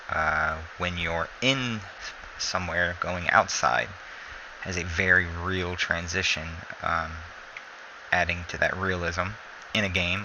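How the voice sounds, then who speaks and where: Sleepy male gameplay commentator, low and gravelly, meandering and self-correcting. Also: slight background noise, rough recording. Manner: rambling, self-correcting, relaxed. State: sleepy, yawning.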